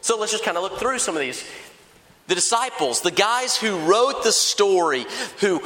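A man preaching a sermon in a conversational, lively way, acting out little dialogues. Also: high voice, moderate pace. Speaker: pastor. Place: large church hall. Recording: echoey church hall.

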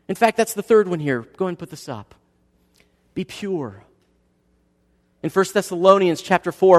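A male pastor in his thirties giving a dynamic sermon, swinging between hushed and loud passages. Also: sits high, brisk. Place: church sanctuary. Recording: long reverb of a church hall.

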